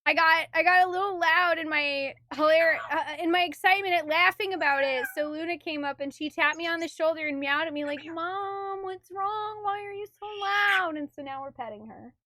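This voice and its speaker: A young adult woman streaming a game, chatting with laughter, animated and cursing freely. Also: sits high, a little fast, few pauses, no room sound, clean studio sound. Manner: laughs a lot, animated and swears. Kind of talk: let's play commentary.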